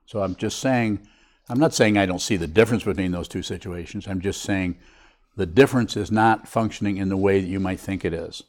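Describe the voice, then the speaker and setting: An older man, a Buddhist teacher, giving a reflective, unhurried dharma talk to a meditation group. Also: deep voice, darkish tone.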